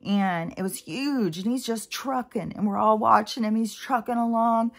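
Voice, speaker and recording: A woman's voice: on the high side, moderate pace, vocal fry. Chatty rambling woman vlogger. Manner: chatty, meandering, many fillers and asides. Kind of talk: rambling casual monologue.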